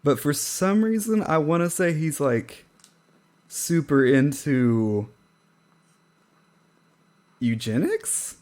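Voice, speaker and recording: A man's voice: fairly high pitch, expressive, slow, pauses often, darkish tone. A man co-hosting a podcast in casual chat, wry and self-deprecating, often trailing off into a laugh. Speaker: podcast co-host.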